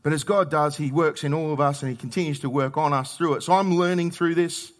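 A middle-aged Australian man delivers a sermon with a fairly high voice. He talks to the congregation like a conversation, punching some words loudly and dropping others to quiet asides. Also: brisk. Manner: conversational, swings between loud emphasis and quiet asides. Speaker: pastor.

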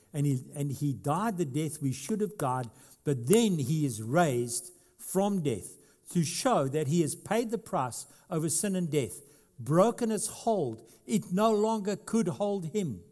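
A middle-aged man preaching a sermon as a pastor. He swings between loud, emphatic stretches and quiet asides, asking the congregation questions and adding light humor. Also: fairly high pitch, animated, measured pace.

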